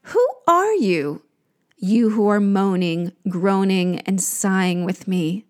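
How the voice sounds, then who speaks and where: A woman's voice: mid-range voice, lively intonation, slow. A woman voicing a moaning underworld queen goddess. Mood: regal. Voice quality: moaning, groaning.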